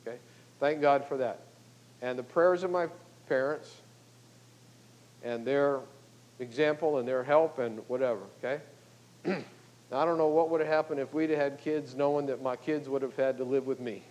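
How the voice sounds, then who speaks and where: A man's voice: mid-range voice, moderate pace, long pauses, darkish tone, muffled recording. An older man, a pastor, preaching a sermon in a conversational, folksy way, often checking in with "okay?" and "you know".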